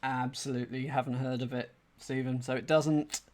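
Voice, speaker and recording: A man streaming a crossword solve, thinking aloud in a chatty, self-deprecating way and reading clues out slowly. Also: mid-range voice, little pitch movement, a little mellow, slight background noise. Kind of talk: casual thinking-aloud commentary.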